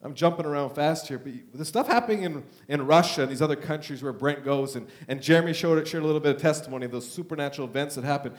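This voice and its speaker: Impassioned male pastor, slightly high voice. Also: fast, few pauses. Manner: emotional, swings between loud urging and soft hushed talk. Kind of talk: charismatic Pentecostal sermon. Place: church.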